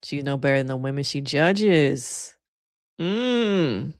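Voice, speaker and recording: A woman's voice: deep voice, animated, slow, no room sound, clean studio sound. A woman giving casual, sassy reaction commentary on a reality show, laughing often and talking in a playful way.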